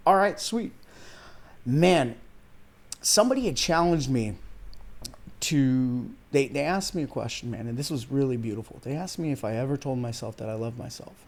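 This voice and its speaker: A man's voice: medium pitch, moderate pace, creaky. A man in his thirties from Iran, a weight loss coach and podcast guest, telling his life story in an earnest, heartfelt, casual way, calling the host "man" and "dude" and at times close to tears. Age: 30s. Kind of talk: casual interview conversation.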